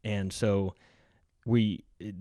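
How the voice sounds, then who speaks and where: A man's voice: fairly low pitch, steady tone, drawn-out words, dark tone, no room sound, studio quality. A man hosting a podcast, telling a travel story in casual conversation, chatty and laughing between lines.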